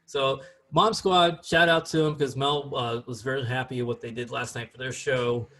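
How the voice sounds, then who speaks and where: A man hosting a podcast, talking in a loose, rambling way. He stays upbeat and often stops to hunt for the right word. His voice sits at a middling pitch for a man. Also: steady tone, normal speed, pushed and bright, slight background noise. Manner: rambling, upbeat, gropes for words. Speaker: podcast host. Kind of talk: casual chat.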